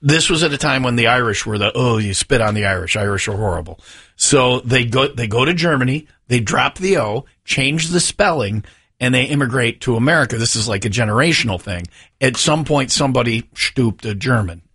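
A talkative male host with a bright, forceful voice and a husky edge. He chats casually and jokes as he tells his stories. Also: medium pitch, fairly quick. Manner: talkative, jokey storyteller. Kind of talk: casual chat.

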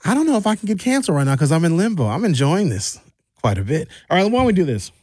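Animated joking radio host, Wisconsin accent. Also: male voice, fairly high pitch, fast talker, dry recording, studio quality. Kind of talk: talk radio monologue. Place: radio studio. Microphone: studio microphone.

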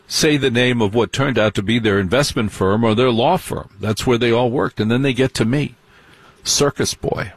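A man telling a long comic story in stand-up style, sardonic and animated, with mocking asides. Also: mid-range voice, normal speed, breathy edge, dry recording. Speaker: comedian.

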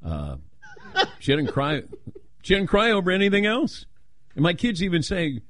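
A man's voice: high-pitched, normal speed, pauses often, no room sound, clean studio sound. An older man hosting a talk radio show, chatting casually and telling stories with playful quoted voices. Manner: animated storytelling, playful voices when quoting.

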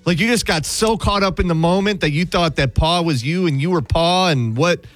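A man's voice: a little high, moderate pace, fairly bright tone, no room sound, soft background music. A man co-hosting a sports talk show, giving blunt opinions and teasing his co-hosts. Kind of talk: casual sports banter.

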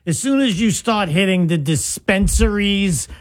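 A man who is a stand-up comedian, guesting on a radio show and making wisecracks. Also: high-pitched. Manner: wisecracking, drawn-out delivery. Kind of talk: casual comedic radio banter. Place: radio studio.

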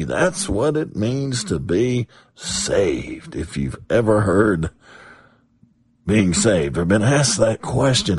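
A man preaching a sermon on the radio, slow and emphatic, repeating phrases for weight. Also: on the low side, big pitch swings, husky, dry recording.

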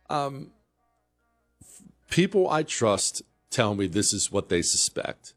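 A man's voice: fairly low pitch, sing-song, slow pace, long pauses, soft background music. A middle-aged man hosting a talk radio show, delivering an opinionated monologue full of sarcastic rhetorical questions.

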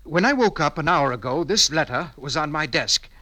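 A man's voice: fairly high pitch, expressive, moderate pace, sharp tone, no echo. An actor playing a troubled middle-aged father in a 1940s-style radio drama, hesitant and stammering.

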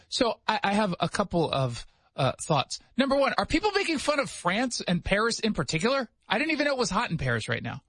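A man hosting a radio talk show, chatting casually with sarcastic jokes and quick asides. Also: sits high, very animated, fairly bright tone, slightly rough, dry recording. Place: radio studio.

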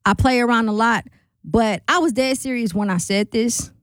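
A woman's voice: fairly high pitch, normal speed, no room sound. A woman hosting a radio talk show, chatting casually with laughing asides and rallying calls to her listeners. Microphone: studio microphone.

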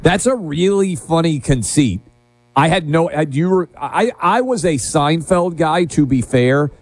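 A man hosting a talk radio show, chatting casually with quick restarts and asides. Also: on the high side, lively intonation, no echo.

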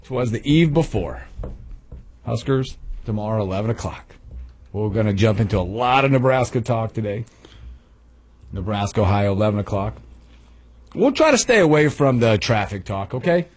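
Brief: husky-voiced male morning radio host, lively swooping delivery, playful banter. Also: on the low side, moderate pace, long pauses. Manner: animated, sing-song greetings, laughs often. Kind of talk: morning sports radio chat.

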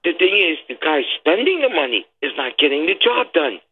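Excitable male caller on a tinny phone line. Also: a little high, fairly quick, breathy edge. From Brooklyn, New York. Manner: excitable, talks over the host. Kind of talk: call-in sports talk. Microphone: telephone.

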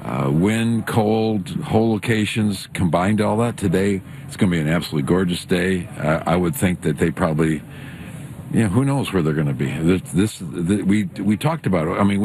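A man answering golf questions in an interview, halting and modest in manner. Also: deep voice, a little mellow, slight background noise. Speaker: golf broadcast guest.

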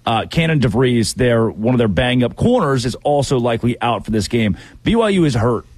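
A man hosting a sports talk show, quick and wisecracking in a casual, playful way. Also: medium pitch, expressive, a little mellow, dry recording.

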